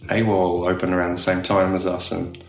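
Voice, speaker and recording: Australian man, low gravelly voice, rambling interview chat, roomy sound, faint music behind. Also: level tone, a little fast. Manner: rambling, laughs often, many fillers. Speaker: tattoo studio owner, guest.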